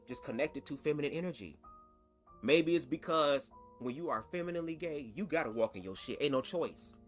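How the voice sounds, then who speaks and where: A man hosts a reaction vlog in a chatty, sassy, profane flow. His voice sits a little high, with faint music in the background. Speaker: commentary host.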